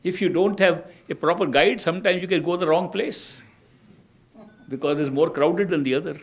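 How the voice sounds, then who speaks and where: An older man giving a spiritual discourse as a teacher, telling stories in a measured way and often restarting his phrases. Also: fairly high pitch.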